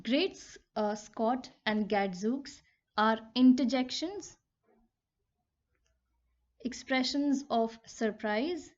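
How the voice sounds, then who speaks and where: A woman explains a poem line by line, speaking very slowly and deliberately in a somewhat high voice. She repeats and rephrases each idea the way a patient teacher does. The recording is dull and a little lo-fi. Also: darkish tone. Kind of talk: poetry lesson explanation.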